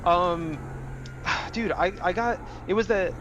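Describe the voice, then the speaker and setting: Young male streamer, casual profane play-by-play, raised pitch, game engine roaring underneath. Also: takes it slowly, muffled recording. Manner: slangy, profane, rambling. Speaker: sim racing streamer. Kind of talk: casual livestream commentary while racing. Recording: engine noise of a racing game behind. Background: car engine and game sounds.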